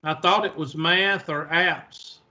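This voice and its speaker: A man's voice: fairly high pitch, fairly even intonation, slow pace, pushed and bright, lo-fi sound. A man teaching a math class online, flustered and talking to himself as he searches for something.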